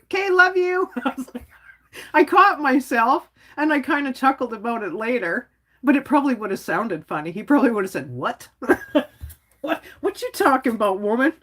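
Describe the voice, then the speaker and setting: A woman's voice: on the high side, a bit bright. A woman hosting her own livestream, talking casually and bluntly, rambling with lots of "like" and chuckling as she goes. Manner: outspoken, rambling, frequent "like". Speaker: livestream host.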